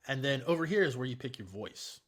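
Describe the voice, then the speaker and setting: A man giving a relaxed, chatty software tutorial, explaining each step in a screen recording. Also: mid-range voice, a little fast.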